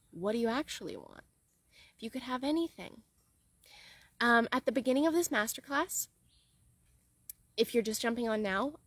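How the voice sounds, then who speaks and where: Money coach, woman, bubbly and repetitive, higher voice, dry close sound. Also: no room sound. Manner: gushing, swings into high excited squeals; repeats herself, lots of "like" and "okay". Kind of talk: masterclass talk to viewers. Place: outdoors in hot sun.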